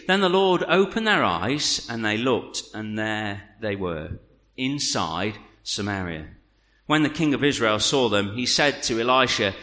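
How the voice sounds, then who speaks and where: A man's voice: mid-range voice, very animated, moderate pace, pushed and bright, in a large hall. A man preaching a sermon and reading scripture aloud, with jokey asides to the congregation. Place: church hall.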